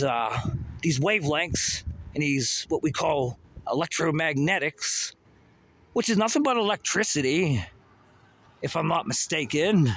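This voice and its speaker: A man's voice: a little high, fairly bright tone, breathy edge. A man delivering a rambling, profane monologue full of pseudo-technical talk, recorded outdoors near a busy road. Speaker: vlogger. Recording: outdoor traffic noise.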